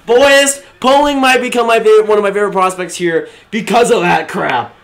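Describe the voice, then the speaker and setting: A young man live streaming a watch-along, excitable, swinging from low muttered remarks to shouting and laughing. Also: a little fast, few pauses.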